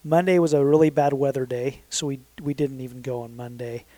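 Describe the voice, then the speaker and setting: A man's voice: mid-range voice, steady tone, a little fast, mellow, no echo. Rambling, chatty man in his thirties. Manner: rambling, self-correcting, frequent fillers. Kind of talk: casual storytelling. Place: southern Utah.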